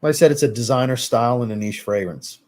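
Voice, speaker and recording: A man hosting a fragrance live stream, reviewing scents in relaxed, chatty talk and answering viewers' chat. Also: medium pitch, fast.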